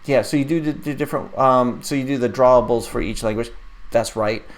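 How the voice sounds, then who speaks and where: A man's voice: mid-range voice, a little fast. A man in his forties hosting a casual live stream, rambling and laughing as he reads out viewer questions. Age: 40s. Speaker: live stream host and app developer.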